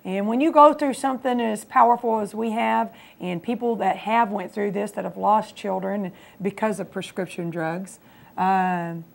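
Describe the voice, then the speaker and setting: A woman's voice: medium pitch, vocal fry. A woman co-hosting a Christian TV program, encouraging her husband to tell his testimony. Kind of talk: faith testimony chat. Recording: local cable TV studio.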